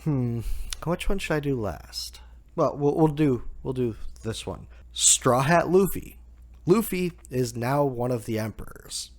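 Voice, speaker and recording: A man's voice: mid-range voice, unhurried. Laid-back man recapping a comic chapter. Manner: relaxed, laughs often, says "like" a lot. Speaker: manga review host.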